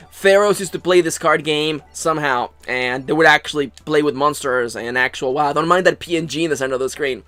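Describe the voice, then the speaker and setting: A man's voice: a little high, a bit bright, no room sound. Sarcastic guy rambling over a game, swears a lot, trips on words, faint game music behind. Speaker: gaming channel host. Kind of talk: casual let's play commentary.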